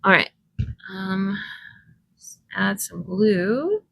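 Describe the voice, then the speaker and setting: Slow, gravelly woman crafting aloud. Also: medium pitch, animated, dry recording, low-quality recording. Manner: chatty, thinking aloud while working, soft laughs. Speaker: crafting vlogger. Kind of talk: casual crafting commentary.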